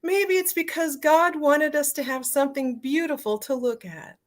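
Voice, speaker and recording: A woman voicing her gentle, wise elderly grandmother, soft and slow, in a raised voice. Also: high-pitched, pitched above the performer's own voice, natural voice. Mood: tender.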